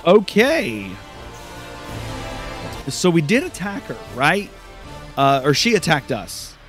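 A man's voice: on the high side, huge pitch swings, slow, long pauses, faint music behind. Rambling man commenting on a game. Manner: rambling, self-correcting. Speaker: let's play host. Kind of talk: casual gameplay commentary.

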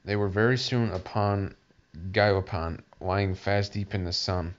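A man narrating a storybook aloud, halting with frequent restarts. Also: lowish voice, steady tone. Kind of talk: audiobook reading. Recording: dull lo-fi recording.

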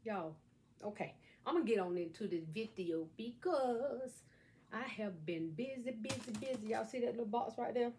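A woman's voice: a little high, lively intonation, moderate pace, a little mellow, slight background noise. A middle-aged woman chatting folksily to her viewers while showing a craft at home, recorded on a camera set on a table. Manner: folksy, playful, talks straight to viewers. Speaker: craft vlogger. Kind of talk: chatty how-to vlog. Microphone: camera on a stand at a table.

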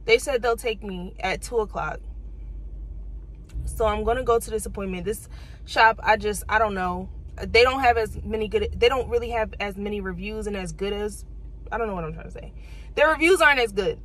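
A woman's voice: medium pitch, normal speed, a bit bright, poor audio. A young woman, venting exasperated rants to her vlog camera from her car. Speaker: vlogger.

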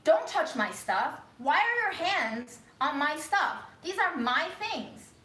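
A woman's voice: fairly high pitch, expressive, normal speed, pushed and bright, far from the mic. A woman voicing a distraught, confused elderly grandmother who insists and accuses, recorded in an echoey room a little away from the mic. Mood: upset, accusing. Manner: agitated, insistent, pleading.

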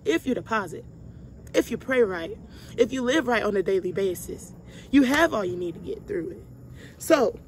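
Speaking in a mid-range voice over a faint hiss or hum, a young woman vlogger runs a Bible study for her viewers, whom she calls "y'all." Her casual preaching is emphatic and heartfelt, and she repeats lines for emphasis.

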